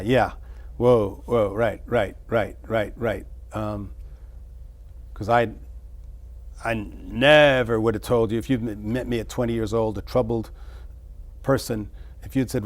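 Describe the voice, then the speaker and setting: Musing middle-aged man, halting. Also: medium pitch. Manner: musing, halting, with many restarts. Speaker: interview guest. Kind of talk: reflective personal storytelling.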